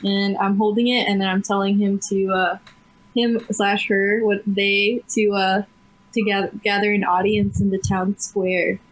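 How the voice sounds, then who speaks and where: Woman, player, chatty, joking, mid-pitched voice. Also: flat delivery, measured pace, poor audio. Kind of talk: casual tabletop play.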